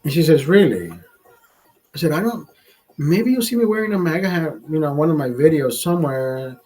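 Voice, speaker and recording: Profane ranting husky-voiced man. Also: a little high, moderate pace, warm tone, low-quality recording. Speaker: livestream host. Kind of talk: ranting storytime monologue.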